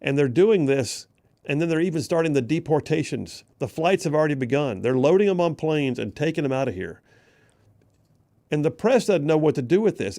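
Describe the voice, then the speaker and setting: A man's voice: a little high, lively intonation, a little fast, warm tone. A man hosting a talk radio show, delivering an emphatic, folksy monologue, repeating phrases for punch.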